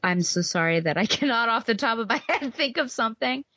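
A woman's voice: fairly high pitch, expressive, fairly quick, bright, forceful tone, dry recording, dull audio. A woman co-hosting a podcast, talking casually about books, rambling with many fillers. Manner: chatty, rambling with "like" and "um". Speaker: podcast co-host. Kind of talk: casual book-club chat.

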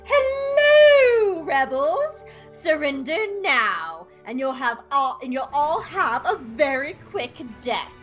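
A woman voicing a shrill, gloating male imperial officer. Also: sing-song, takes it slowly, lo-fi sound, faint music behind, heavily acted.

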